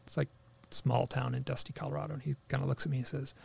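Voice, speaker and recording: Gravelly man telling a story. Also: medium pitch. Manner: halting, full of restarts and "like"; animated, acts out quoted lines. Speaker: guest telling a personal story. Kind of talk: casual storytelling.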